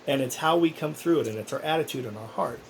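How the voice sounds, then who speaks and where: A man's voice: mid-range voice, fast, creaky, slight background noise, low-quality recording. A man talking casually in a personal vlog, rambling and earnest, with many restarts. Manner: earnest, encouraging. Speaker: vlogger.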